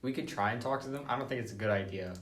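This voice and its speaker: A teenage boy with a sick, hoarse throat, talking in a hesitant, low-key way while playing a tabletop role-playing game. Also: rapid-fire. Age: teens. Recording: echoey room.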